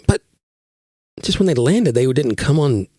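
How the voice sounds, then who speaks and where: A man's voice: mid-range voice, very animated, measured pace, a little mellow, no room sound, studio quality. A man co-hosting a podcast in casual chat, teasing and wry in his banter. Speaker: podcast co-host.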